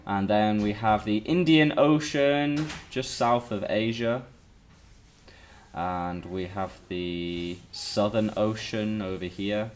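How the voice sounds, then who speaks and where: A man's voice: fairly low pitch, takes it slowly, slight background noise. A man teaching a live online lesson, chatting with his students and greeting them by name as he explains.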